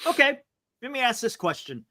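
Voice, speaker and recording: Animated male sports-talk co-host. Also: very high voice, normal speed, dry recording. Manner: animated, exclamatory, calming others down. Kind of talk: casual sports chat.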